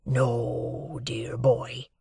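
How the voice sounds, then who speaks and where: Old convict, slow and husky, hoarse hush; narrator voices him. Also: male voice, mid-range voice, no room sound, clean studio sound, heavily acted. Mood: hushed, pleading. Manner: coarse dialect, hoarse hushed urgency. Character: rough older male convict, fiercely devoted.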